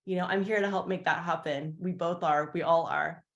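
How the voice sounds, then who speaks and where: A woman's voice: lowish voice, fairly even intonation, moderate pace, dull audio. A woman giving a heartfelt personal testimony on a team call, rambling with many fillers and restarts and acting out what others said. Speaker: team leader sharing her story.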